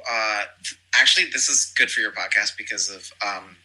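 A man's voice: lowish voice, normal speed, sharp tone, low-quality recording. A man chatting casually as a podcast guest, rambling and gossipy with lots of fillers. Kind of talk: casual chat.

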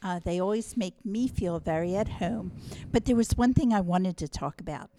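A woman's voice: on the low side, normal speed, dark tone, slight background noise. A middle-aged woman co-hosting a comedy podcast with her son, telling family stories in an earnest, slightly rambling way. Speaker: podcast co-host. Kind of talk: casual comedic chat.

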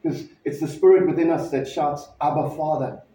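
A pastor telling a personal story in a sermon, conversational and halting, with frequent restarts. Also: male voice, on the high side, steady tone, dark tone, a little hiss or hum. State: emotional, near tears. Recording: distant mic in echoey hall, dull sound.

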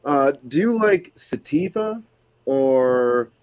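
A man's voice: medium pitch, lively intonation, slow pace, dry recording. A man co-hosting a casual podcast over a video call, throwing in wisecracks and puns. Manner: wisecracking, punning.

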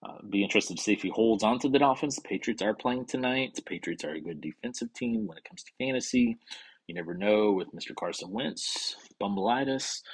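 A man's voice: fairly low pitch, a little fast, breathy edge. A man casually hosting a fantasy football league podcast on his own, rambling and wisecracking, swearing under his breath when he slips up. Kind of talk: casual solo sports chat.

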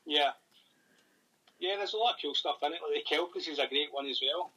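Bright, husky-voiced Scottish man. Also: a little high, brisk, rough recording. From Scotland. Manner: rambling, thinks aloud with many ums. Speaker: paranormal investigator and author. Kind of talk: casual interview chat.

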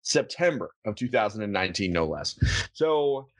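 A man's voice: on the low side, very animated, moderate pace. Playful male podcast host. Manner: playful, reads aloud with a put-on pirate lilt. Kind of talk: casual podcast chat, running a word game.

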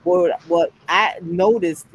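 A woman's voice: fairly low pitch, takes it slowly, dull audio, slight background noise. A woman chatting on a podcast, telling stories animatedly and acting out the voices she quotes. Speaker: podcast panelist. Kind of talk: casual chat.

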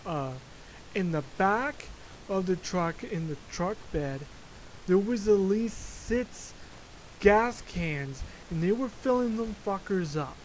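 Slow-talking, profane comedic podcast host. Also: mid-range voice, animated, a little mellow, a little hiss or hum, poor audio. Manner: profane, exaggerated, jokey asides. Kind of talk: comedic solo rant. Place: lives in Florida.

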